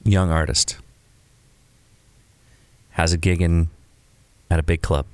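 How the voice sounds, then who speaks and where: A man's voice: deep voice, slow, no echo. A man co-hosting a casual conversation about creative careers, who talks his points through and acts out examples. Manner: animated, acts out quoted examples. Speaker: podcast co-host.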